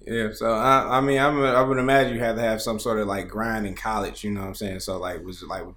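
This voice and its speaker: A man's voice: fairly low pitch, steady tone, quick pace, a bit bright, echoey room. A man hosting a casual chat, loose and profane, laughing often as he talks. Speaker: podcast host.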